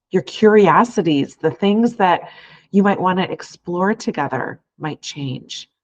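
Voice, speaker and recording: A woman life coach hosts a podcast, speaking earnestly and from the heart in long, flowing sentences in a reflective monologue. Her voice sits on the low side and is a little mellow, though the recording is rough.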